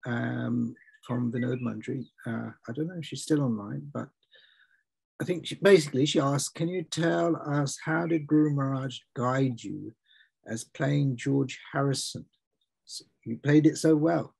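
Husky gravelly man hosting. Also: medium pitch, unhurried, a little mellow, low-quality recording. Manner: hesitant, many fillers. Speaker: host. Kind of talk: moderating an online talk.

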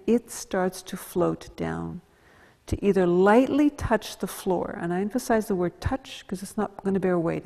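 A woman guides a gentle yoga class with slow, calm cues, soft hums and near-whispered breath prompts. Her voice is dark and mellow with a breathy, husky edge. A long reverb trails behind her words. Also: fairly low pitch. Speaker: yoga teacher.

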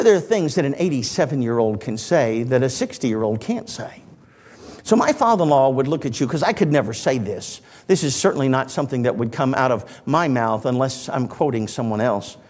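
A man in his sixties, an evangelist preaching a sermon in a church auditorium, telling stories with animated delivery and dry humor. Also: medium pitch, brisk, in a large hall. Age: 60s.

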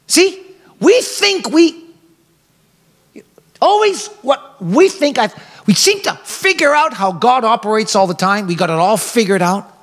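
Brief: male pastor, animated sermon delivery, high voice, long church reverb. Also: normal speed. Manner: animated preaching, acts out quoted characters. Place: church sanctuary.

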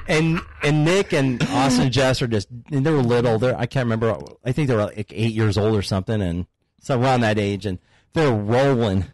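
A middle-aged man in his fifties, a podcast guest and father of one of the hosts, telling crude family stories and laughing through them. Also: mid-range voice. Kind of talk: casual podcast storytelling.

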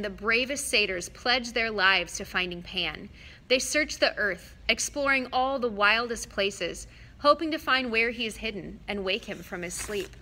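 A woman's voice: a little high, bright, forceful tone. Woman voicing a gloomy young satyr. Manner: sad, earnest, slow at times.

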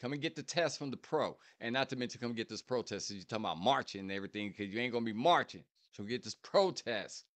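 A man hosting a reaction channel, repeating lines and breaking down their meaning in casual, animated commentary. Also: medium pitch, fast, hardly any pauses. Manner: repeats lyric lines and explains them, animated.

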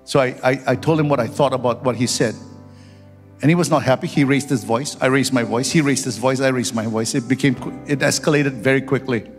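A man's voice: medium pitch, steady tone, fairly quick, soft background music. A man who is a pastor, preaching a sermon with personal stories and rising into fervent prayer. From Singapore. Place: church hall. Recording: church hall with long reverb.

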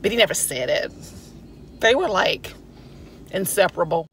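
A woman's voice: fairly low pitch, big pitch swings, normal speed, long pauses, over loud music. A woman chatting playfully in a casual vlog, often laughing, from her car. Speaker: vlogger. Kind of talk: casual chat.

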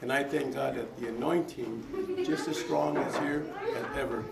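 A visiting preacher speaking after a service, thankful and full of praise. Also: male voice, mid-range voice, moderate pace, vocal fry, very noisy. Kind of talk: post-service address. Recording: echoey room, far from the mic, loud crowd.

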